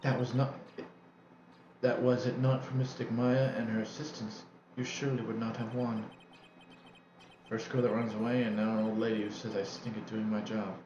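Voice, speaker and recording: A man's voice: on the low side, level tone, normal speed, roomy sound, highs cut off, background noise, lightly acted. A man voicing a haughty, formal older woman who speaks in a prim, old-fashioned way while reading a game's dialogue on stream. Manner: prim, archaic, overly polite.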